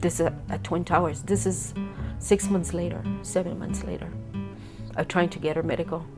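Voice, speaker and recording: A mother being interviewed, retelling her daughter's illness in prison through quoted dialogue, halting with fillers. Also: on the low side, fairly even intonation, over loud music. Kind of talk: emotional personal testimony.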